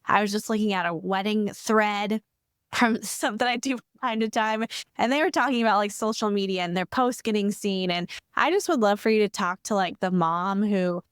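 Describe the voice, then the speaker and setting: A woman's voice: mid-range voice, moderate pace, clean tone, dry recording, clean studio sound. A woman hosting a podcast interview, affirming her guest and asking encouraging questions. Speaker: podcast host.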